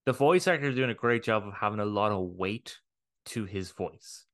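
A young adult man co-hosting a podcast in casual chat, excitable and rambling, casually swearing. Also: lowish voice, moderate pace. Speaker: podcast co-host.

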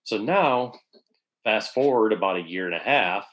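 A man's voice: on the low side, expressive, normal speed, fairly bright tone, poor audio. A man casually telling a long work story, sprinkled with swearing and acted-out quotes. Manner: casual, profane, acts out quoted voices.

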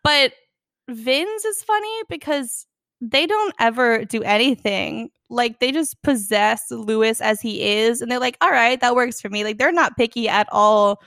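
A young woman chatting casually about a film, animated and acting out quotes. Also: on the high side, a little slow, dry recording, studio quality. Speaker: podcast co-host.

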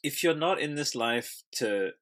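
A laid-back man hosts a casual podcast, swearing freely and encouraging his guests. His voice is notably bright and sits at a middle pitch. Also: lively intonation, unhurried. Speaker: podcast host.

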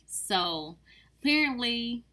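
A woman's voice: fairly high pitch, lively intonation, slow, pushed and bright. A woman co-hosting a casual podcast, giving blunt, joking takes on a reality TV show in a slangy, offhand way. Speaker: podcast co-host. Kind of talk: casual chat about reality TV.

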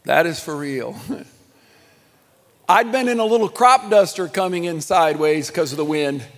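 A middle-aged man preaching a sermon, telling stories in a conversational, animated way with chuckles and restarts. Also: a little high, normal speed, big-room sound. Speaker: pastor.

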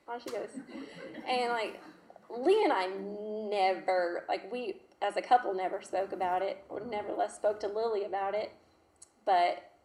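A woman in her thirties, a mother telling her personal story in an emotional, halting, heartfelt way. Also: medium pitch, darkish tone. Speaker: mother sharing her testimony. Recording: roomy echo.

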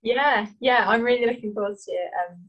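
A woman with a Northern English accent, an author chatting relaxed and laughing easily on a video call. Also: fairly high pitch, fairly quick, lo-fi sound. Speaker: author being interviewed. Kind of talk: casual chat.

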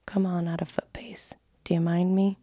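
A woman voicing a gruff, suspicious male coach guard who speaks in rustic dialect, in a whispered role-play. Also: on the low side, flat delivery, moderate pace, dark tone, no room sound, close to an everyday voice.

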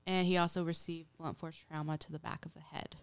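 A woman's voice: low voice, level tone, fairly quick, clear, resonant tone. A woman hosting a casual podcast, retelling a true-crime case in a chatty way with lots of "like" and acted-out quotes. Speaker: podcast host.

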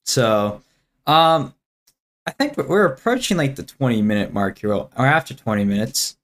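A man's voice: mid-range voice, very animated, moderate pace, a bit bright. A teenage boy hosting a school podcast in casual chat, easygoing and laughing often. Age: teens. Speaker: podcast host.

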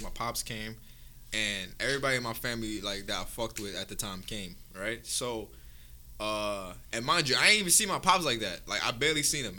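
A man's voice: fairly low pitch, bright, forceful tone. A young man casually telling a long, profane story to friends, often checking in with "right?". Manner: rambling, profane, tags lines with "right?".

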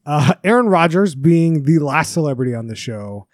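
Animated man in casual chat, dry sound. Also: on the high side, normal speed, dry recording. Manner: chatty, animated, acts out quotes. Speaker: podcast co-host.

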